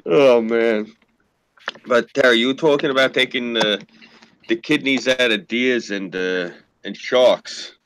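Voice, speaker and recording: A man's voice: mid-range voice, fairly bright tone, low-quality recording. A man telling rambling, profane anecdotes in a casual chat, acting out what people said. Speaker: podcast co-host.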